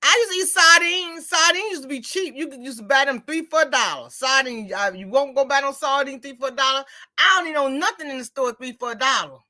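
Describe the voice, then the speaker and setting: Bright high-voiced woman chatting. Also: fast talker. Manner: chatty, storytelling, animated retelling with quoted dialogue. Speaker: host. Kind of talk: casual chat.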